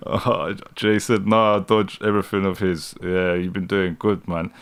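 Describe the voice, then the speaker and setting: A man's voice: low voice, vocal fry, smooth. A young British man with a London street accent hosting a live reaction stream, mocking what he watches, laughing often and talking to his chat. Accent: British, London street style. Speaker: livestream host reacting to news.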